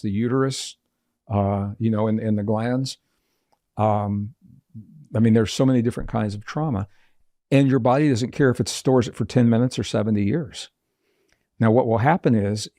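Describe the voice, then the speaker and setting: A man being interviewed as a guest author, telling personal stories and explaining ideas in a measured, earnest way. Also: mid-range voice, mellow, no room sound, clean studio sound. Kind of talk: reflective interview storytelling.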